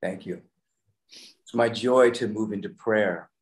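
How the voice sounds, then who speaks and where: A man who is a spiritual leader, praying aloud in a slow, measured, incantatory cadence and then talking in a calm conversation. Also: on the low side. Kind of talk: spoken prayer and conversation.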